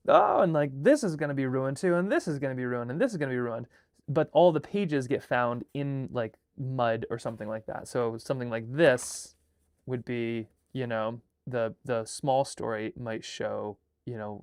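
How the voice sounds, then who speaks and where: Guy rambling through story ideas, gets all excited, lots of um and like, mid pitch. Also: no echo, clean studio sound. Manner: excitable, rambling, full of fillers and restarts. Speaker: host and filmmaker. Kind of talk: casual live brainstorming chat.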